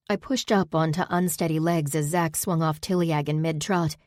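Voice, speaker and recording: A woman's voice: low-pitched, steady tone, moderate pace, hardly any pauses, a little mellow, dry recording. A woman narrating a first-person fantasy audiobook with intimate, emotional storytelling on a close studio mic.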